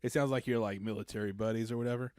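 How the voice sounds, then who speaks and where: A man co-hosting a casual comedy podcast, laid-back and quick to laugh along. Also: on the low side, fairly even intonation, a little mellow, no echo, studio quality. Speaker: podcast co-host.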